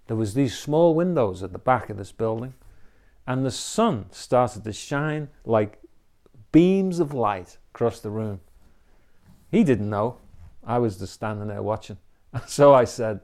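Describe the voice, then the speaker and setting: A man's voice: on the low side, dark tone. A man giving an inspirational talk, telling a personal story in an earnest, reflective way, often adding "you know" and "okay?". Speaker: inspirational speaker.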